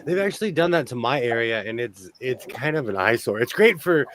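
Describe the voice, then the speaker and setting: A man in a casual group chat, animated and opinionated as he tells stories. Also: medium pitch, brisk. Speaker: livestream guest.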